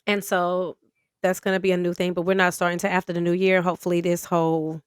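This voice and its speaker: A woman co-hosting a podcast in casual chat, talking in a relaxed, slangy way with lots of fillers and restarts, and sometimes reading an article aloud. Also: on the low side, quick pace, smooth, no echo, studio quality. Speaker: podcast co-host.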